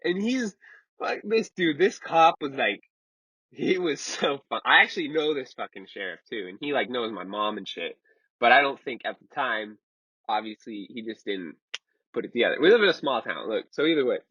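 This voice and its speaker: A man's voice: medium pitch, expressive, normal speed, sharp tone, slightly rough, no room sound. A young man in his twenties telling a story casually, rambling and swearing and saying "dude" a lot. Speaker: vlogger. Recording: slightly muffled lo-fi recording.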